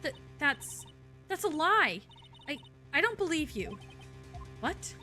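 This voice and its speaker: A woman's voice: medium pitch, moderate pace, a bit bright, faint music behind, pitched below the performer's own voice, natural voice. A woman voicing a frightened young woman witness in a game, who trembles, stutters and pleads. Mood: scared. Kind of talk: fan voice-over of a game's dialogue.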